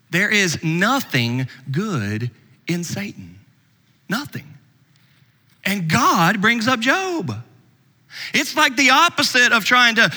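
A man preaching a sermon as pastor, swinging between loud emphasis and hushed asides. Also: high voice, long reverb tail.

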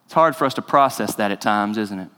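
A man's voice: fairly low pitch, quick pace, fairly bright tone, smooth. A man preaching a sermon as pastor, earnest and conversational, rising to emphasis. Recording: reverberant hall.

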